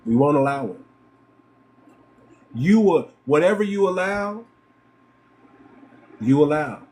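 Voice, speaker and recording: A man's voice: fairly high pitch, animated, slow pace, darkish tone. A man from the United States hosting a livestream, talking emphatically, repeating himself and firing off rhetorical questions. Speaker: livestream host. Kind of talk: livestream commentary.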